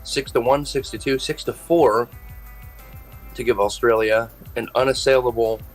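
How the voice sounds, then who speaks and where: A man's voice: medium pitch, steady tone, moderate pace, soft background music, rough recording. A man co-hosting a casual history show, reading out sports results and dates in a laid-back way. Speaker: co-host reading history facts. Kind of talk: casual chat.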